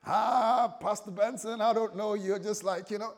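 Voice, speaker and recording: A man's voice: high-pitched, steady tone, moderate pace, pitched above the performer's own voice. A man voicing an exasperated American churchgoer in a put-on American accent, drawling and exaggerated. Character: exasperated American churchgoer man, grumbling about life's ups and downs.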